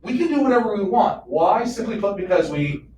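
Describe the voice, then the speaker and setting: Animated male teacher in an echoey classroom. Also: high-pitched, fairly quick, slight background noise. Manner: animated, joking, fires off questions. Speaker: history teacher. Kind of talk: classroom lecture with questions to students. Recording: echoey classroom, mic far off.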